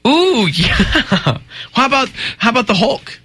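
A man's voice: extremely high pitch, big pitch swings, measured pace, sharp tone, husky, no room sound. A man hosting a morning radio show, chatting casually in a wry, joking way.

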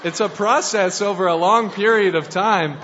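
A preacher gives a casual, playful sermon in a conversational style, frequently restarting his sentences. His voice is high-pitched and a bit bright at a moderate pace, with some chatter behind him. The sound is dull and lo-fi, recorded in a reverberant hall.

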